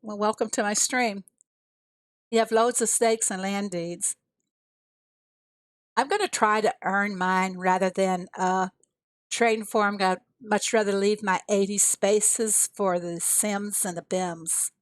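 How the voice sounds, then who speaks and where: This American woman is streaming a mobile farming game and chatting casually with her viewers, talking herself through each move and reading chat aloud. Her mid-range voice keeps a fairly even intonation, and she takes it slowly. The recording is dry.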